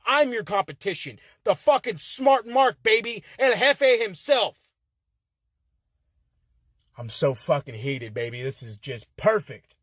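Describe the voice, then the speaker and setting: A man cuts a swaggering wrestling promo from inside a car, his voice sitting high for a man. He trash-talks with heated, profane bluster. The sound is dry and close, with no room echo. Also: very animated, unhurried, a bit bright. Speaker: contestant in an online promo-cutting contest.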